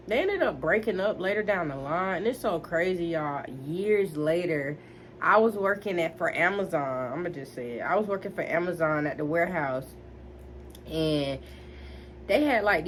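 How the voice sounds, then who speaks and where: Young woman vlogging a storytime, emphatic, keeps talking to y'all, mid-pitch, faint hiss. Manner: animated, emphatic, talks straight to viewers. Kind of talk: storytime vlog.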